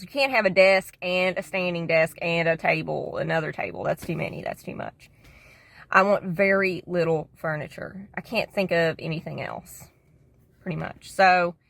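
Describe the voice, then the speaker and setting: A woman's voice: lowish voice, creaky, fairly bright tone, dry recording. A woman vlogger rambling casually to camera, slangy and profane, calling the viewer "dude".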